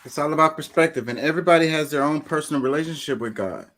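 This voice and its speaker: A man's voice: on the high side, fast, fairly bright tone. A man hosting a casual podcast, asking eager questions and stumbling over repeated words as he jumps in.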